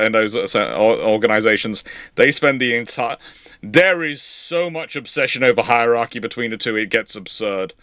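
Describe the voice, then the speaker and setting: A male host answers viewer questions on a live stream. He explains in a loose, rambling way, often restarting his sentences. His voice sits at a middling pitch and is recorded dry, with no room sound. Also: sharp tone, clean tone, dry recording.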